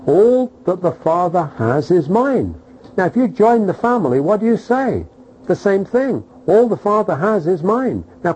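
A middle-aged man preaching a sermon, animated, throwing rhetorical questions at the congregation and checking in with "okay?". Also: a little high, a little hiss or hum, poor audio.

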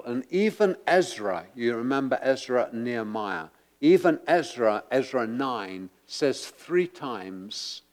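A man preaching a sermon to a congregation, moving from quiet asides to loud, emphatic rhetorical questions. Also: mid-range voice. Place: church before a congregation.

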